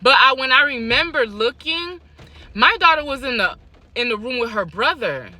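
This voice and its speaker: On her vlog, a young adult woman tells a personal story in a high voice at normal speed. She's animated, repeating lines for emphasis and laughing between them.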